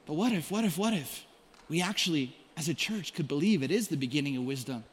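High-voiced preacher in a reverberant hall. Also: male voice, animated, fast. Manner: storytelling preacher, swings from hushed to shouted. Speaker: pastor. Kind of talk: sermon.

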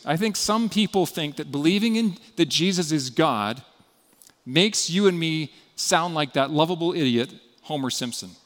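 A man's voice: fairly high pitch, a bit bright, long reverb tail. A man preaching a sermon as a pastor, in an earnest, conversational way.

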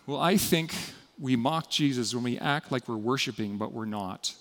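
A man preaching a sermon as pastor, earnest and often dropping to a quiet, intimate tone. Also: mid-range voice, normal speed. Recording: long hall reverb.

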